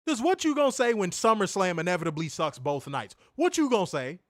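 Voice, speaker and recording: A man's voice: sits high, big pitch swings, a little fast, dry recording. Podcast co-host, male, angry profane rant, dry close sound. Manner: profane, fiery, repetitive rhetorical questions. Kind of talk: heated ranting commentary.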